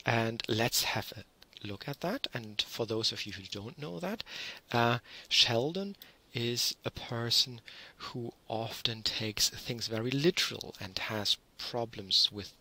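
A man giving an online university lecture, explaining in a measured way with frequent ums and restarts. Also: mid-range voice, sharp tone, rough recording.

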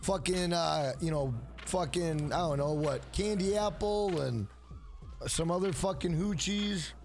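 A man's voice: on the high side, a little slow, slight background noise. A man livestreaming, chatting casually and telling rambling, profane stories full of "bro.". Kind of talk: casual stream chat and storytelling.

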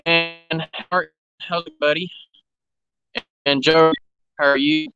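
A man's voice: on the high side, little pitch movement, slow, pushed and bright, clear, resonant tone, no echo, muffled recording, soft background music. A man live streaming from a cell phone beside railroad tracks, chatting casually and greeting viewers by name. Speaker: railfan livestreamer. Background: background noise, running engines.

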